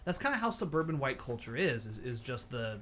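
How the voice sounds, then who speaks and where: Easygoing co-host with a bright voice. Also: male voice, mid-range voice, very animated, brisk, a little hiss or hum. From Southern California. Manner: easygoing, agreeable, hesitant fillers. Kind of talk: casual livestream chat.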